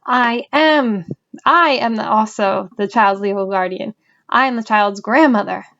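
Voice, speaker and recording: A woman's voice: a little high, normal speed, muffled recording, natural voice. A woman reading the part of a cheeky, stubborn grandmother who sounds breezy and indignant.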